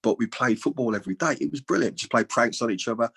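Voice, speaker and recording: Husky older man telling a story. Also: mid-range voice, quick pace. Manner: lively, acts out other people's lines with big jumps in voice; colloquial, chatty. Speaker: guest, former footballer. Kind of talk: anecdotal storytelling.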